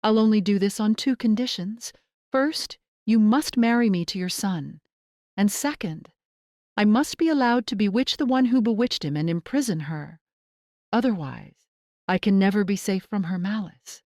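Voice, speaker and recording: A woman's voice: medium pitch, animated, normal speed, darkish tone, dry recording, clean studio sound, lightly acted. A woman voicing a herdsman's daughter who firmly sets her conditions. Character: young herdsman's daughter, bold and firm.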